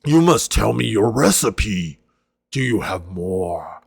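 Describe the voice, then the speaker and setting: A man voicing a big, friendly male half-orc warrior who speaks in halting, broken phrases. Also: lowish voice, big pitch swings, vocal fry, breathy edge, no room sound, studio quality, heavily acted. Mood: grateful.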